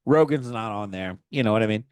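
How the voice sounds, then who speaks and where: A man's voice: lowish voice, fairly quick, darkish tone, clear, resonant tone, no room sound. A man co-hosting a podcast, telling stories in a rambling, profane way and laughing mid-sentence. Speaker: podcast co-host. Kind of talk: casual chat.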